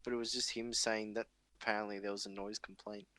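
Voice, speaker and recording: A man's voice: lowish voice, level tone, fast talker, sharp tone, no room sound. Rambling man, dry close mic. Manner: rambling, swears a lot, laughs often. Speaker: podcast host. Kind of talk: casual chat, storytelling.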